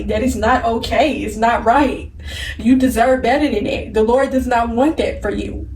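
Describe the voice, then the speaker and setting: A woman's voice: fairly high pitch, darkish tone, slight background noise. A tearful woman giving blunt spiritual advice straight to her viewers, speaking in with a preachy, repetitive manner. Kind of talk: emotional direct-to-camera advice. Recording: roomy, distant from the mic.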